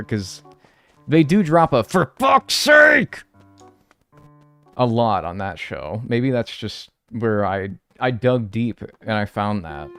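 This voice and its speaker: A man's voice: on the low side, clear, resonant tone. A man streaming a game live, chatting with his viewers and swearing freely as he plays. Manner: animated, swears freely, banters with chat. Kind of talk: live gameplay commentary.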